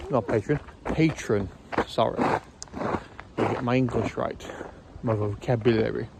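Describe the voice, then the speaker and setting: A man hosting his own video channel, giving rambling, casual commentary outdoors, correcting himself often and filling pauses with ums. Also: medium pitch, flat delivery, gravelly, very noisy. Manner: rambling, self-correcting, hesitant fillers. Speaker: YouTube host.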